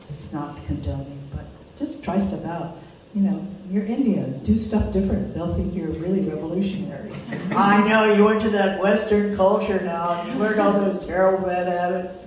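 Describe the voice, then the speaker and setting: An older woman speaking to a small class in a conference room, chatty and quick to laugh. Her voice reaches the mic from across a very echoey room, with a faint hiss underneath. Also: deep voice, distant mic. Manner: warm, laughing, conversational teaching. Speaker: course teacher. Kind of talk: informal talk to a small group.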